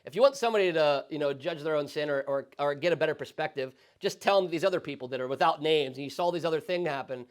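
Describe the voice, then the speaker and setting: A male pastor teaching a Sunday school Bible study in a conversational, animated way, often checking in with the class. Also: on the high side, quick pace, hardly any pauses. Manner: conversational, animated, frequent tag questions.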